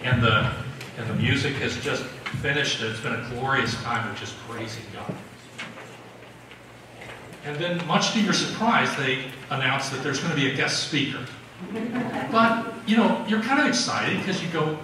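A man preaching a sermon, telling it in a conversational, animated way with frequent restarts. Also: a little high, measured pace, background noise. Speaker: pastor. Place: large church sanctuary. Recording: echoey hall recording from far off.

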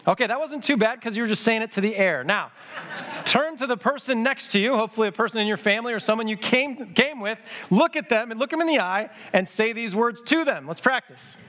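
A man's voice: extremely high pitch, pushed and bright. A middle-aged male pastor giving a conversational sermon, acting out quotes and leading the congregation in responses. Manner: conversational preaching with acted quotes and audience prompts.

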